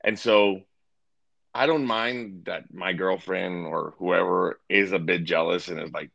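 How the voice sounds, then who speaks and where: Deep gravelly man, dry lo-fi sound. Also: fairly even intonation, a little slow, a bit bright, dry recording. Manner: easygoing, hesitant with ums. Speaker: podcast co-host. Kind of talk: casual chat.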